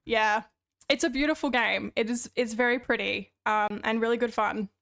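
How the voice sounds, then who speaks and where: Young woman, live streamer, loose chatty banter with swearing, slightly high voice with heavy vocal fry. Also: fairly even intonation, normal speed, a bit bright. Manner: chatty, swears freely, laughs often. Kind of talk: casual live-stream chat while gaming.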